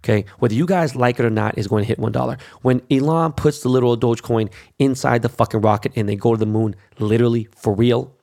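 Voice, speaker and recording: A brash young man rants through his show's monologue, cursing at every turn. His voice is gravelly and crackles with fry, sitting at an ordinary male pitch. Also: quick pace, hardly any pauses, a little mellow. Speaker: show host. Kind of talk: profane ranting monologue.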